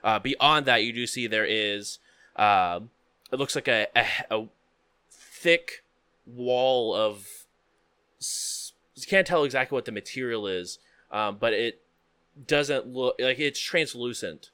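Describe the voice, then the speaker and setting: Man, game master, tabletop narration, halting with fillers, dry close sound. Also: mid-range voice, bright, forceful tone, clear, resonant tone, no echo. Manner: descriptive, halting with many fillers.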